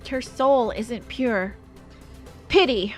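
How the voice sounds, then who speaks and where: Chill judgy spirit girl, streamer reading her lines, slow and calm. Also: fairly high pitch, soft background music. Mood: aloof.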